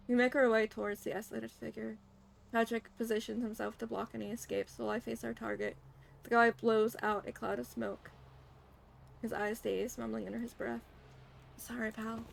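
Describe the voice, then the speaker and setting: Young female streamer reading game narration with flair. Gravelly, slightly high. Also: a little hiss or hum. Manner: dramatic first-person reading with casual asides. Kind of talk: reading a game script aloud as a live stream.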